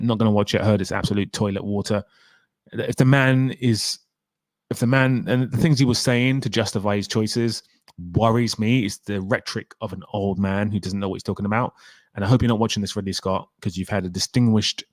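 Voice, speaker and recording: In this casual stream, a young man reads out chat messages and responds to viewers with plenty of opinions and chatter. His fairly low voice moves briskly with fairly even intonation. It's a dry, clean studio recording.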